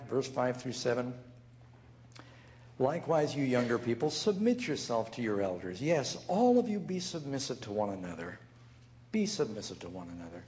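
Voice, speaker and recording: A man's voice: mid-range voice, highs cut off, a little hiss or hum. A man preaching a sermon as a pastor, telling stories and acting out the dialogue. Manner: storytelling with acted dialogue, animated.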